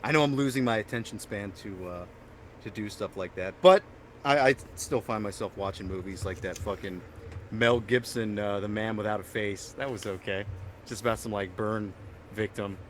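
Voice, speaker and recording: A young man hosting a casual podcast, telling rambling stories and getting loud and animated when excited. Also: lowish voice, normal speed, slight background noise. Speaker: podcast host. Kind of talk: casual chat.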